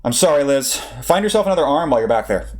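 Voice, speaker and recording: A man's voice: medium pitch, lively intonation, fast, a little mellow, pitched above the performer's own voice, close to an everyday voice. A man doing a brash young pilot. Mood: earnest. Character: brash young male pilot, eager and loud.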